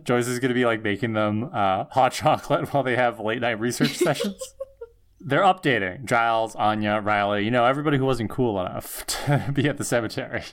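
A man's voice: mid-range voice, a little fast, few pauses. A man co-hosting a podcast in an easy, joking way. He laughs a little through his lines as he recaps. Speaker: podcast co-host. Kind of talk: casual chat recapping a TV episode.

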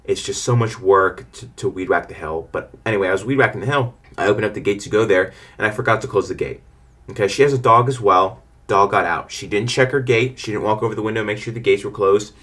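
A man's voice: fairly low pitch, fast talker, fairly bright tone. A young man who runs a lawn care business tells stories about clients and gives frank advice in a rambling way. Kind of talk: casual advice monologue.

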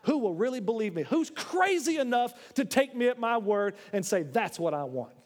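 A man's voice: extremely high pitch, big pitch swings, moderate pace, long reverb tail. A man preaching a sermon in a church, emphatic and rising into impassioned declarations, with jokes along the way.

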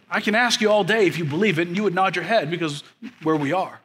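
A pastor in his thirties preaching a sermon, building emphatic repeated lines, then dropping into soft, quiet stories about his family. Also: sits high, fairly quick, long pauses, husky. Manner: preaching with rising, emphatic repetition; drops to a soft, quiet storytelling voice.

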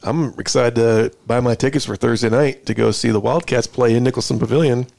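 A man with a gravelly, creaky edge, trading quick jokes in casual sports talk. His voice sounds dry and close to the mic. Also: medium pitch, steady tone, darkish tone, dry recording. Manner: joking, quick wisecracks. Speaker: podcast co-host.

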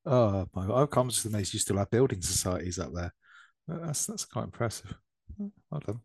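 A man from England co-hosting a casual gaming podcast, jokey and swearing freely. His pitch jumps around a lot as he talks. The sound is close and dry with no room echo. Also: lively intonation, moderate pace, vocal fry, darkish tone, slightly rough. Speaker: podcast co-host. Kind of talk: casual banter. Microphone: remote call mic.

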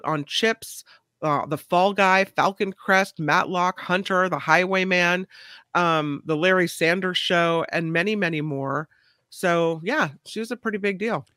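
A woman's voice: fairly low pitch, fairly bright tone, no room sound, clean studio sound. A woman co-hosting a radio show, chatting casually about celebrity news with plenty of fillers. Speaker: co-host.

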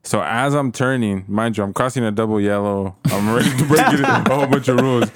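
A man's voice: mid-range voice, quick pace, dry recording, studio quality. A young man telling a long, rambling story in casual chat with friends, swearing often and restarting his sentences.

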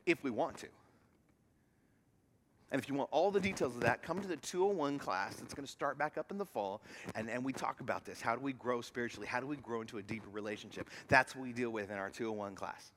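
A man preaching a sermon as pastor, moving from loud emphatic lines to hushed near-whispers and acting out voices in his stories. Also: medium pitch, a little fast, a little hiss or hum. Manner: acts out quoted voices while telling a story.

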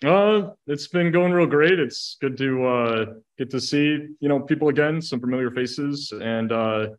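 A middle-aged man with a voice of ordinary pitch talks through a medical topic for fellow paramedics. He explains things steadily and methodically, sprinkling in "you know" as he goes. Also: measured pace. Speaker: assistant medical director. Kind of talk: educational podcast discussion.

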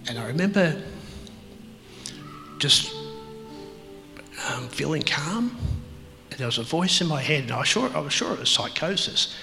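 A man telling his life story as an interview guest, halting and reflective, with many pauses and fillers. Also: on the high side, expressive, gravelly, long reverb tail, over music, poor audio. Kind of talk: personal testimony in an interview.

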